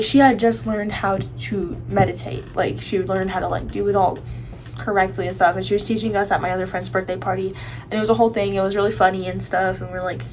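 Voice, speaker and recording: A woman's voice: medium pitch, a little mellow, rough recording. A young woman in her teens ranting casually to the camera, rambling with lots of fillers and restarts. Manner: rambling, full of likes and restarts. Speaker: vlogger.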